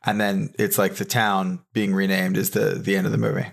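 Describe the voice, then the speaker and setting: A man's voice: low voice, level tone, moderate pace, vocal fry. A man hosting a comedy podcast, asking dry, quizzical questions and recapping the bit in casual banter. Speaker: podcast host.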